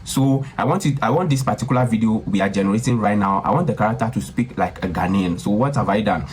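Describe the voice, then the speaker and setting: A man with a lowish voice hosting a screen-recorded tutorial. He talks casually, repeats himself and keeps calling his viewers guys. Faint noise sits behind him. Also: quick pace. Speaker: tutorial host.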